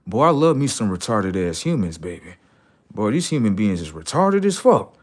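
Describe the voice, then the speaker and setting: A man's voice: lowish voice, big pitch swings, moderate pace. A man ranting on a livestream, profane and mocking, laughing often. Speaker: streamer. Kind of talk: casual livestream rant.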